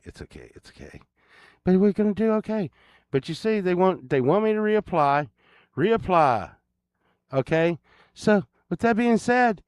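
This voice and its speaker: Slow, rambling man with a lively voice. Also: a little high, smooth, dry recording, clean studio sound. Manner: rambling and crude, with a joking grumble. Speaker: channel host. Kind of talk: casual rambling chat to viewers.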